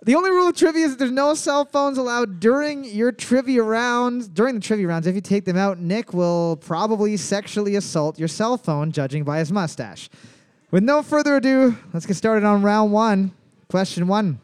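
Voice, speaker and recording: A man's voice: high-pitched, normal speed, clear, resonant tone. A man hosting a bar trivia night, reading out questions and cracking crude jokes between them. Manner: joking, crude asides. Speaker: trivia host.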